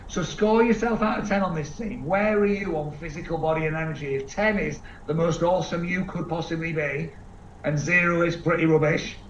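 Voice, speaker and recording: Speaking to a live audience in a large event room, a man with a voice on the high side gives an energetic seminar talk, quizzing the crowd and acting out quick voices. The recording is echoey and dull, with a distant mic and faint background noise.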